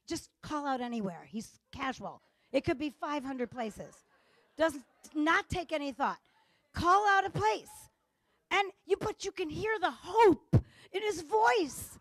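A middle-aged woman gives a conference lecture with a high, bright-sounding voice. She plays out bits of dialogue with comic timing, and her sound is dry and close. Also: lively intonation, a little slow, dry recording. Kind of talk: conference talk. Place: conference stage.

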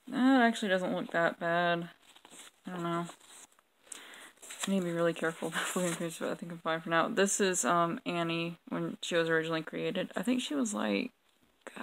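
Young woman, kinda low gravelly voice, sore throat, rambly and self-deprecating, lots of ums and lip smacks. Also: fairly bright tone, poor audio. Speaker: vlogger reviewing her old drawings. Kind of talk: casual chat.

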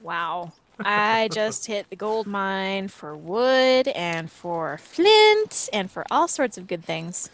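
A woman's voice: medium pitch, sing-song, slow pace, a bit bright. A young woman chatting casually while playing a co-op game, confident and playful, guiding her partner and laughing often. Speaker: co-op gameplay partner and guide. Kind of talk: casual gaming chat.

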